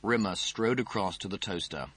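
Male audiobook narrator, lowish husky voice, lively delivery, dry booth. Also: moderate pace, dry recording.

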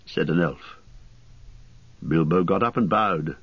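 Male audiobook narrator, measured verse and prose, dry slightly muffled audio. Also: low-pitched, expressive, husky, dry recording. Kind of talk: scripted narration and verse recitation.

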